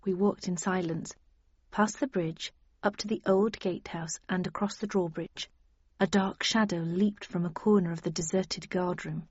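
A woman reading an audiobook in a measured, even storytelling manner. The recording is dry and slightly dull. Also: fairly low pitch, breathy edge, dry recording. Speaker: audiobook narrator. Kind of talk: scripted audiobook narration.

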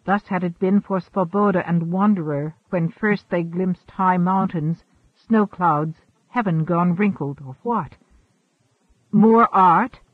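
A man reading a science fiction story aloud as an audiobook narrator, in a measured way, lightly voicing the characters. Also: sits high, fairly even intonation, dry recording. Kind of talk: scripted narration. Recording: tinny phone-like sound.

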